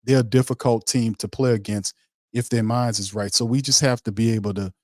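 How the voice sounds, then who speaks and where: A man's voice: medium pitch, steady tone, a little fast, darkish tone, no echo, clean studio sound. A man hosting a casual sports talk show, talking in a loose, emphatic, slangy way with many restarts. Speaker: podcast host.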